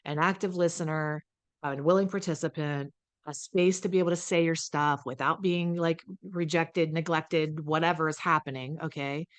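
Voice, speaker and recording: A woman's voice: low-pitched, fairly even intonation, moderate pace. A woman recovery coach talking straight to camera from home, blunt and emphatic, swearing freely and acting out what other people say. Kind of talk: casual direct-to-camera talk.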